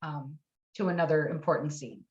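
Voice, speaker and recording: A woman hypnosis practitioner gently and affirmingly recounting a past session. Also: deep voice, moderate pace. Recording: roomy, distant, dull lo-fi sound.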